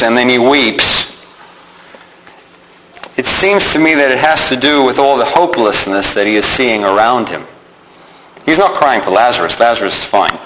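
A sermon recorded in a reverberant room with a bit of noise features a pastor whose voice is medium-pitched and fairly bright. He reads scripture aloud and takes on the mourners' lines.

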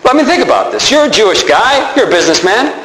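A man's voice: high-pitched, quick pace, echoey room, a little hiss or hum, rough recording. A man preaching a sermon, telling stories with energy and acting out the people in them. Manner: animated storytelling, acts out the people in his stories.

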